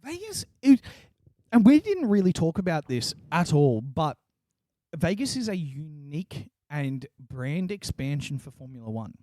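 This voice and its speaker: A man co-hosting a casual motorsport podcast, animated, laughing often and swearing freely. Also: a little high, measured pace, no room sound, studio quality. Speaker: podcast co-host. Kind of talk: casual sports chat.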